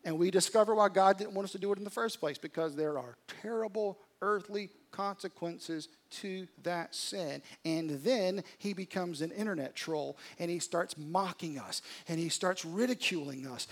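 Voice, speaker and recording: High-voiced male pastor preaching dramatically. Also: moderate pace, few pauses. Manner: dramatic, swings from hushed to loud. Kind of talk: sermon. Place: church service.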